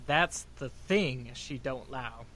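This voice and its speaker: A man's voice: mid-range voice, slight background noise. A man putting on a stubborn farmhand. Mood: stubborn refusal. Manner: slow, drawn-out, flat refusals. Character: young male farmhand, stubborn, wary. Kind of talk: amateur read-aloud of a story.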